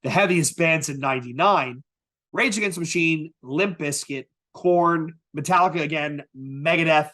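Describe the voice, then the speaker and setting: A man hosting a podcast, talking in an animated, casual way and often asking "right?". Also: a little high, normal speed. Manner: animated, asks rhetorical "right?". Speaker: podcast host. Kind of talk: casual chat.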